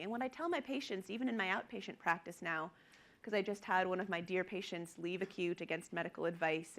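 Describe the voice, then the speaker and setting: Earnest woman doctor giving a lecture. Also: fairly low pitch. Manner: earnest, emphatic, acts out quoted patients. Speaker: physician lecturer. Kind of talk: conference presentation.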